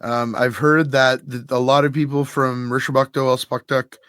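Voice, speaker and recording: A man hosting a podcast in casual chat, telling an animated story and laughing often. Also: medium pitch, normal speed, smooth, dry recording, studio quality. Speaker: podcast host.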